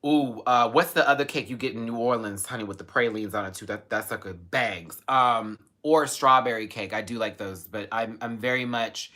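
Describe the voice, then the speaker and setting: Man, live stream host, casual chat, gushing, animated, bright tense voice. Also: moderate pace, hardly any pauses. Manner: animated, gushing, sudden high squeals. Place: home, in Los Angeles.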